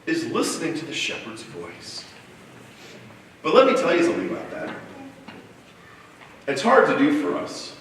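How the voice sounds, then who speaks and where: A man preaching a sermon as pastor, telling stories in a lively way with stumbling restarts, recorded from a distance in a church. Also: mid-range voice, slight background noise. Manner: animated and storytelling, with stumbling restarts. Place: church sanctuary. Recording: echoey church hall picked up from far off.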